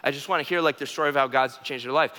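A man preaching a sermon in an animated, joking way, repeating key phrases and restarting sentences. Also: mid-range voice, rapid-fire, in a large hall. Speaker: pastor.

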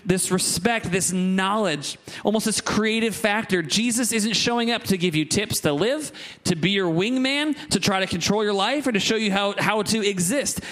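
A man preaching a sermon, lively and conversational, with asides to the congregation. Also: sits high. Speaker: pastor.

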